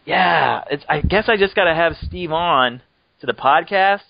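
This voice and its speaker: A man's voice: fairly high pitch, unhurried, creaky, no room sound, highs cut off. A man hosting a podcast, chatting casually and joking around, laughing often as he rambles. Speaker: podcast host. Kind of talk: casual chat.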